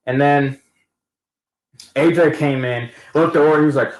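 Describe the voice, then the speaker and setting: A man's voice: mid-range voice, fairly even intonation, normal speed, long pauses. A man giving a casual, rambling recap of a wrestling event, talking in slang and often restarting his sentences. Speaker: wrestling fan vlogger. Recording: echoey room.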